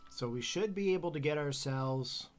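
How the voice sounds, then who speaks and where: Chatty Canadian man, fairly high voice. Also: lively intonation, moderate pace, faint music behind. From Canada, northern New Brunswick. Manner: chatty, laughs often, self-deprecating. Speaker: streamer. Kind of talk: casual live-stream chat while gaming.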